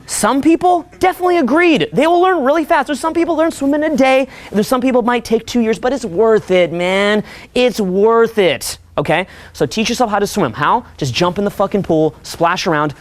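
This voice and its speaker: A young man coaching a seminar audience in a profane, animated way, often acting out voices. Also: very high voice, normal speed, no echo. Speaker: dating coach. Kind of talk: seminar talk.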